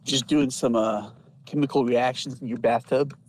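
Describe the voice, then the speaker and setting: A man in a casual chat, making deadpan wisecracks. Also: medium pitch, normal speed.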